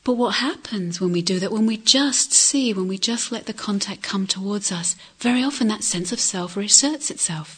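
A woman giving a reflective dharma talk as a meditation teacher, asking questions and often dropping to soft near-whispers. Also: medium pitch, normal speed, hardly any pauses, husky. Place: retreat centre hall.

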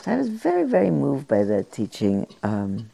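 An older woman, a meditation teacher, giving a musing dharma talk with gentle pauses and fillers. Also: a bass voice, huge pitch swings, gravelly, husky.

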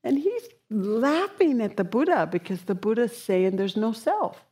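A woman meditation teacher giving a dharma talk, reflective and slow, mixing in casual slang. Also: on the high side, big pitch swings, slightly rough.

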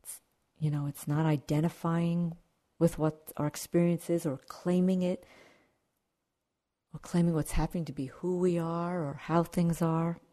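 A woman meditation teacher giving a dharma talk in a calm, reflective manner, with asides to the audience. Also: fairly low pitch, measured pace. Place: meditation retreat hall.

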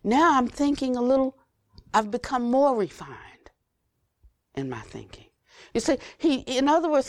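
Older woman giving a soft dharma talk. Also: fairly high pitch, dry recording, clean studio sound. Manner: unhurried, repeats phrases for emphasis, drops to a near whisper at phrase ends. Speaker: Buddhist teacher.

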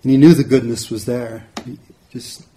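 A man, a meditation teacher, telling a story in a relaxed, conversational dharma talk. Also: mid-range voice, normal speed, slight background noise. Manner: relaxed, conversational, frequent "you know". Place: retreat center hall.

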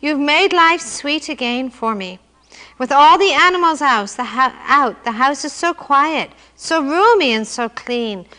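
A woman's voice: sits high, lively intonation, unhurried, pushed and bright, long reverb tail, heavily acted. A woman voicing a desperate poor man who pleads and complains, reading him aloud in a story. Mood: relieved. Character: desperate poor man at his wits' end.

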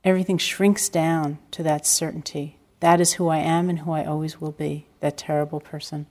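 Low-voiced woman giving a calm meditation talk. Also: moderate pace. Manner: calm, reflective storytelling with gentle self-deprecating humor. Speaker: meditation teacher. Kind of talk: dharma talk. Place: retreat center hall.

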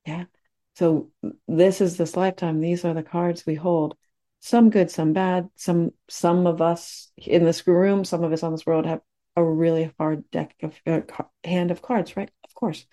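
A woman meditation teacher giving a dharma talk in a gentle, reflective way, teary as she speaks. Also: fairly low pitch, little pitch movement, measured pace.

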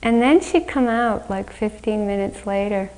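A woman meditation teacher giving a dharma talk on retreat, slow, gentle and reflective, often laughing at her own stories. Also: medium pitch, rough recording. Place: retreat center meditation hall.

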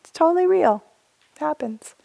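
A woman's voice: high-pitched, animated, normal speed, vocal fry, mellow, highs cut off. A young woman teaching meditation in a casual, candid dharma talk, laughing often and acting out thoughts.

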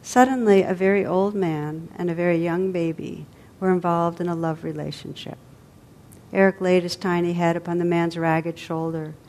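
A woman with a slightly low voice reads a story aloud. Her telling is measured and vivid, and she gives each detail its full weight. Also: fairly even intonation, darkish tone, slight background noise. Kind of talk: storytelling reading.

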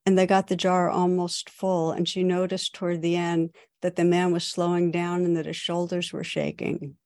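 A woman, a meditation teacher, giving a dharma talk in a gentle, unhurried storytelling manner. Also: lowish voice, flat delivery, no room sound.

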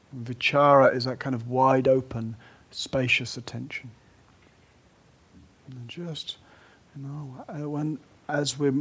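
Man, meditation teacher, husky breathy voice, gentle retreat dharma talk, slips into whispers. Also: medium pitch. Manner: gentle and unhurried, dropping to a soft whisper at times.

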